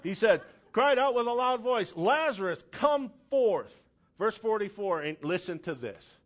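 High, lively-voiced preacher building to shouts. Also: male voice, normal speed. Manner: builds to loud shouted declarations. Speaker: pastor. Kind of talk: sermon.

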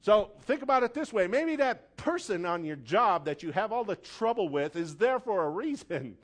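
A man preaching a sermon, telling a story dramatically and building from quiet, hushed lines to loud, forceful appeals. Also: high voice, big pitch swings, normal speed.

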